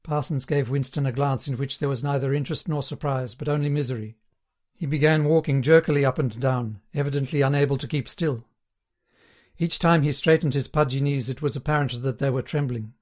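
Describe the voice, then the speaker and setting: Reading a novel aloud for an audiobook, a mid-range male narrator keeps to a measured, even pace. It's scripted narration delivered in a steady storytelling style.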